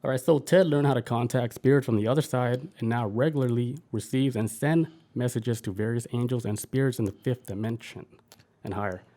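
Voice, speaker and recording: A man's voice: medium pitch, brisk, warm tone. A man hosting a podcast in loose, profane, enthusiastic casual chat. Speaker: podcast host.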